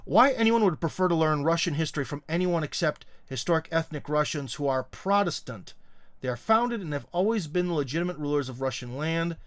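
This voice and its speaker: A man's voice: on the high side, lively intonation, brisk. A middle-aged man hosting a livestream, talking bluntly and sarcastically with lots of fillers and restarts as he reads comments. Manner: blunt and sarcastic, frequent fillers and restarts, mocking put-on voices. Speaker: live stream host. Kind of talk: casual opinion livestream reading comments.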